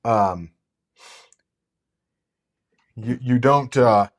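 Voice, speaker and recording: A man's voice: medium pitch, drawn-out words. A man hosting a casual live gardening Q&A, chatty and rambling, with lots of fillers and restarts. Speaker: gardening channel host.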